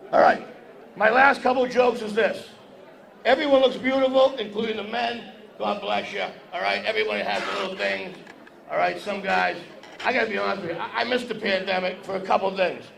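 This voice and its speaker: A man's voice: high voice, gravelly, a bit bright. A man doing a stand-up comedy set on a stage, teasing the crowd in a brash, joking way. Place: event hall stage with a podium before a live audience. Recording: echoey hall with crowd noise.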